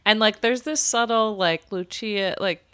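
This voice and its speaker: A woman's voice: medium pitch, measured pace, a bit bright, smooth. A young adult woman hosting a podcast, chatting casually and giggling as she retells scenes. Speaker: podcast host. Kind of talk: casual recap chat.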